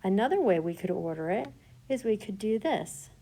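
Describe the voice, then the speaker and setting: A woman teaching a recorded grammar lesson, reading example sentences slowly and deliberately. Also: medium pitch, expressive, mellow, breathy edge. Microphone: tablet microphone.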